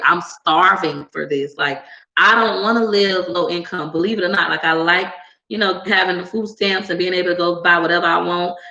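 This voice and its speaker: A woman YouTuber in casual, sassy talk with viewers, animated and quick to put on voices when she quotes people. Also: reverberant, muffled recording. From United States. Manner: animated and sassy, jumps into high squeals when acting out others. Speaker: YouTuber answering viewer comments. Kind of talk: casual chat to camera.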